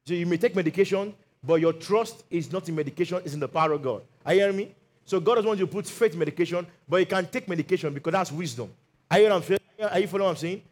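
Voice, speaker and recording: A man's voice: high-pitched, rapid-fire. A middle-aged Nigerian man preaching a sermon as lead pastor, leading the congregation in call-and-response declarations.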